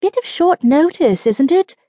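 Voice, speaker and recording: Dry south african director guy, clipped and deadpan, lady voicing him. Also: high-pitched, a little slow, no echo, pitched above the performer's own voice. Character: dry middle-aged male film director.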